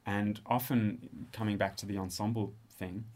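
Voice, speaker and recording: A man in his thirties with an Australian accent, a composer and musician talking through his work in a relaxed, thoughtful interview, often pausing and restarting. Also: on the low side. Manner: thoughtful, hesitant, with frequent restarts. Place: studio space.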